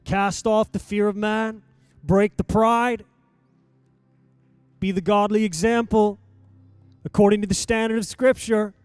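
A man, a pastor, preaching a sermon in a church and rising to loud exhortation as he reads scripture. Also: high-pitched, steady tone, measured pace, long pauses, clean tone, dry recording, soft background music. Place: church sanctuary.

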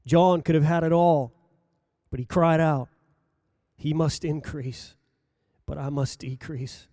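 Slow, high-voiced preacher, dry sound. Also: male voice, fairly even intonation, dark tone, no room sound. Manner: slow, measured preaching that rises and falls for emphasis. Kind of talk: sermon.

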